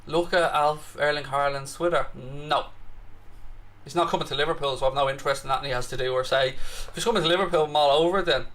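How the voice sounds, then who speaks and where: Bright-voiced Irish man on a stream. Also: fairly high pitch. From Ireland. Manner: chatty, reads out viewer comments, bursts into excited reactions. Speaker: host of a live football watchalong. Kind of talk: casual live-stream chat and commentary.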